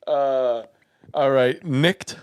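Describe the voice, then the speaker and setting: A man's voice: mid-range voice, a little mellow, clean tone, no room sound, clean studio sound. Playful man quizzing his co-host. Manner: playful, quizzing, spells words out slowly, laughs often. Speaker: podcast co-host. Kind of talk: casual chat.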